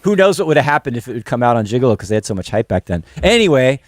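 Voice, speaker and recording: A man's voice: medium pitch, sing-song, racing, no room sound. A man hosting a casual livestream from a music school studio, upbeat and chatty, greeting viewers by name. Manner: upbeat, greets chat names one by one. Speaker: livestream host. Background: electronic music playing.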